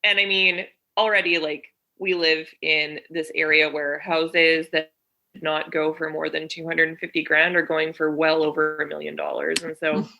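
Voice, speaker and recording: Bright-voiced woman telling an animated story. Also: low voice, moderate pace, gravelly. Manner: animated storyteller, acts out both sides of a phone call. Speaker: podcast co-host. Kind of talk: casual chat, retelling a story.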